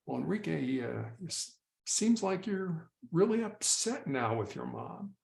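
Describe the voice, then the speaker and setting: A man putting on a hushed late-night DJ voice. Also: big pitch swings, creaky, reverberant, exaggerated voice. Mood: soothing. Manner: slow, low and hushed. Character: calm soothing late-night radio DJ-style negotiator, man.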